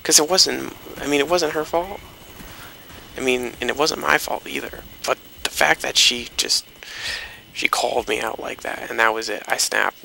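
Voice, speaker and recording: Young guy, super gravelly and bright voice, rambly swearing gamer chat, bit of hiss behind. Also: medium pitch, moderate pace, low-quality recording. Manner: rambling, swearing, loose anecdotal delivery. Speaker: gaming commentator. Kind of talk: rambling storytelling over gameplay.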